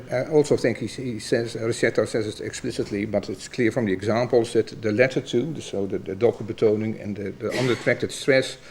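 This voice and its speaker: A man questioning a doctoral candidate as examiner, halting and hesitant with many fillers. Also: mid-range voice, vocal fry, a little mellow, slight background noise. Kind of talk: formal academic questioning.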